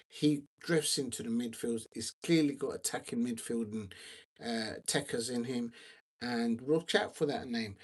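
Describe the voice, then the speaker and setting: Husky man, rambling stream chat. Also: medium pitch. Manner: rambling and chatty, reads out viewer comments, many fillers. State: tired. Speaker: livestream football watch-along host. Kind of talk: casual live-stream chat.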